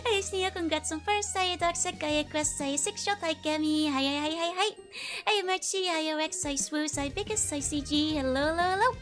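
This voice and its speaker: A woman's voice: high voice, normal speed, a bit bright, soft background music. A young woman streaming a game, chatting casually and giggling as she greets viewers by name. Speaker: VTuber streamer. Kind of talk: casual live-stream chat.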